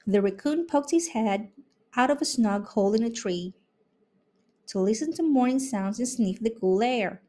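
A woman reading a children's picture book aloud in an expressive, unhurried way. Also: a little high. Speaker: storybook reader. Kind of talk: children's read-aloud narration.

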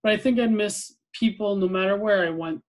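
A man's voice: high-pitched, brisk, pitched above the performer's own voice, close to an everyday voice. A man reading aloud as an earnest, curious young boy who answers carefully and with some hesitation.

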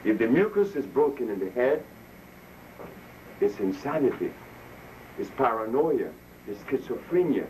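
A man's voice: medium pitch, sing-song, measured pace, long pauses, darkish tone. A man speaking casually to a live audience, telling stories, laughing at his own jokes and acting out the voices of people he quotes. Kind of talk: informal health talk to an audience. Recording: distant mic with faint noise.

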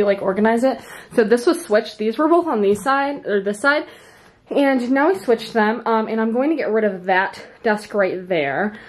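A young woman in her twenties chatting casually to camera in a home vlog, rambling with lots of ums and little laughs. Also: fairly high pitch. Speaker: vlogger. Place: home office.

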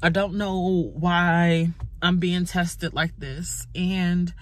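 A woman in her twenties, tearful from crying, talking haltingly and candidly into her phone in a confessional vlog. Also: fairly low pitch, steady tone. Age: 20s. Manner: halting, raw and candid, many pauses. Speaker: YouTuber.

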